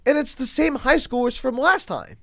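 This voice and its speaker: This young podcast co-host has a very high-pitched, creaky voice and speaks at a moderate pace. Chatting casually, he tells a story with lots of animation and laughter, imitating the voices of those he quotes.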